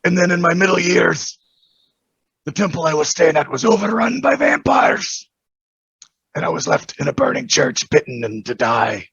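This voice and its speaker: A horribly burned, skeletal dwarf dhampir croaks in a gravelly, husky rasp with a mock Scottish lilt, as a man puts him on at the game table. His voice swoops up and down over a dull, lo-fi mic. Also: high-pitched, expressive, normal speed, a bit bright, dry recording, heavily acted. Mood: grim. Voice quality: raspy, grating. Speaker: player. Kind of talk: in-character tabletop introduction.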